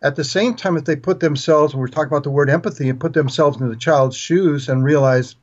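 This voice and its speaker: A man's voice: fairly high pitch, brisk. Earnest man with slightly muffled audio. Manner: earnest, steady explaining with small restarts. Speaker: guest author on parenting. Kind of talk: podcast interview.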